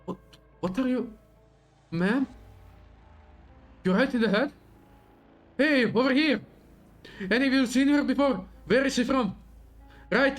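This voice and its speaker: A man voicing a nervous, defensive village farmer who talks high-pitched, agitated and blustering, read aloud from a game story on a livestream.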